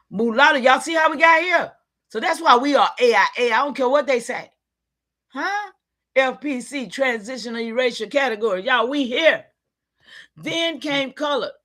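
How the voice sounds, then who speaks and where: A woman giving an impassioned, preachy livestream talk, calling out to her listeners and sometimes shouting in frustration. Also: high-pitched. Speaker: online community leader.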